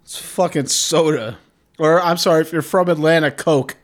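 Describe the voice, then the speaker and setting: A man hosts a solo comedy podcast in a fairly high voice at a moderate pace. He is animated, rambling and profane, drifting closer to and farther from the mic.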